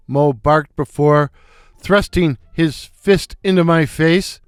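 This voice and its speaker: A man's voice: on the high side, takes it slowly, clear, resonant tone, no echo, clean studio sound, soft background music. An older man narrating a first-person story with wry, self-mocking asides.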